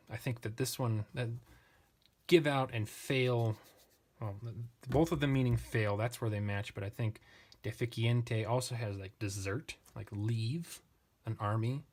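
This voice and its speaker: A man hosting a lesson, walking patiently and methodically through a text and thinking aloud with small pauses and restarts. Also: fairly low pitch. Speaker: language teacher; channel host. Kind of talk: screen-share lesson comparing texts.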